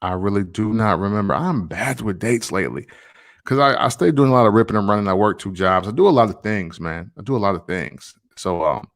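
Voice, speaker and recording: A low-pitched man in his thirties muses aloud in a relaxed, wandering monologue. He speaks loosely with plenty of slang fillers, like a podcaster thinking out loud. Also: fairly quick. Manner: rambling, loose, full of slang asides. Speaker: songwriter and podcaster. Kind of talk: reflective casual monologue.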